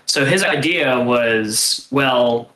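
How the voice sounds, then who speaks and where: A man's voice: mid-range voice, very slow, bright, forceful tone, roomy sound, low-quality recording. A man in a casual voice chat, explaining a bit of history with false starts and chuckles. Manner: rambling, with false starts and laughs. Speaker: writers' group member. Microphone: computer mic on a voice call.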